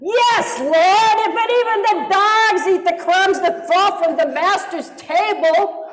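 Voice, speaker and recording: A woman preacher puts on a brassy, brash woman who belts her plea loud and high, well above her own speaking voice. It carries a long church-hall reverb. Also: takes it slowly.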